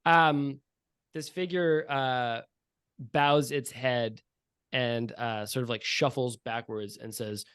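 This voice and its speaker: A man's voice: mid-range voice, steady tone, takes it slowly, fairly bright tone, clean tone, no echo. A man narrating a tabletop game as game master, descriptive and loose, with many fillers. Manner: descriptive, with frequent "um" and "like".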